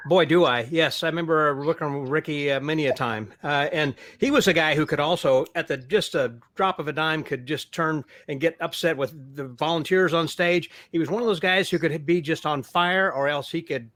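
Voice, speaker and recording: A man hosting a podcast, keeping the chat casual with short agreements and ready laughs. His voice sits slightly high for a man. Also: normal speed, hardly any pauses, fairly bright tone. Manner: brief affirmations, laughs easily. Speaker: podcast host.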